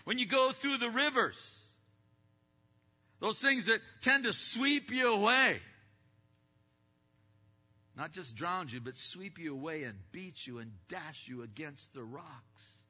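High bright preacher in a reverberant hall. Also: male voice, sing-song, husky. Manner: preaching with sudden swings from loud to hushed; acts out distracted listeners in quick asides. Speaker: pastor. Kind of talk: sermon. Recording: dull lo-fi sound with long hall reverb.

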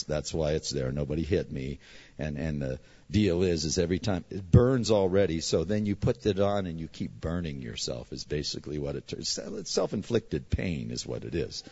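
Self-mocking middle-aged pastor telling a story. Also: male voice, extremely low pitch, animated, moderate pace, mellow, breathy edge, dull audio. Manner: chatty, self-mocking, acts out voices. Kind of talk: casual storytelling from the pulpit.

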